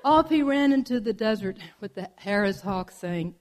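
A woman telling a folk tale aloud in a playful, expressive manner. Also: medium pitch, moderate pace. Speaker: storyteller. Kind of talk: oral folk storytelling.

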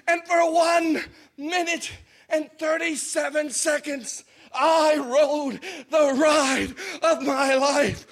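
A man telling a personal story with drama, dropping to hushed asides and rising to shouts, laughing through lines. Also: extremely high pitch, takes it slowly, creaky.

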